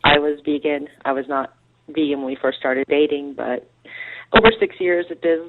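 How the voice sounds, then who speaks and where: Low-voiced woman caller on a tinny line. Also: steady tone, moderate pace, no room sound. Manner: earnest, hesitant, confiding. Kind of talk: phoned-in voicemail.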